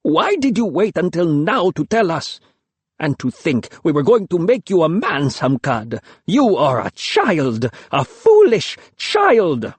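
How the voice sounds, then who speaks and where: A man's voice: mid-range voice, expressive, unhurried, slightly rough, no echo. A man voicing a stern village elder who scolds a boy in an audiobook. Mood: scolding.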